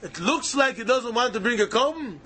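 A man's voice: very high-pitched, animated, brisk, sharp tone, breathy edge. A man teaching a Talmud lesson, arguing both sides of the question aloud and hammering points home through repetition.

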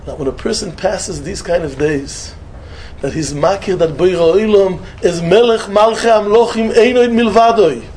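A man giving a sermon, telling a story and mixing in Hebrew and Yiddish phrases, jumping between loud emphatic lines and soft murmured asides. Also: sits high, normal speed. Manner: peppers English with Hebrew and Yiddish words, short repeated phrases. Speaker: rabbi giving a talk.

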